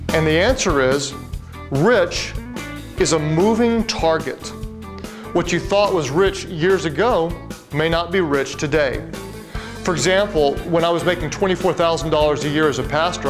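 A man, a pastor, speaking in a sermon video with punchy storytelling and repetition. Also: a little high.

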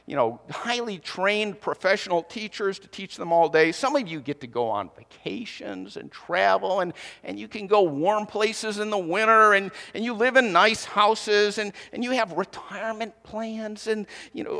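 A man's voice: high voice, vocal fry, a bit bright, long reverb tail. A man preaching a sermon as pastor, conversational and teasing his congregation. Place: church hall.

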